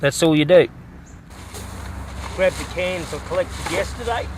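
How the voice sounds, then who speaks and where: A man's voice: a little high, a little slow, very noisy. An Australian man rambling in a casual outdoor vlog, with folksy bush slang. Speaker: vlogger.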